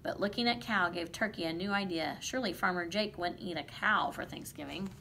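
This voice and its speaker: A woman reading a picture book aloud to children, lively and playful. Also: on the low side, a little fast, slight background noise. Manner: lively, playful voices for the animals. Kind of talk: children's storybook read-aloud.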